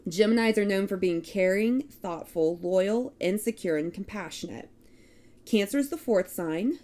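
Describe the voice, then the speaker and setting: A woman with a Texan accent, co-hosting a casual chat and reading through lists of traits in a steady cadence. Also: mid-range voice. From Texas. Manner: reads list of traits in a steady cadence, laughs at herself. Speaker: podcast co-host.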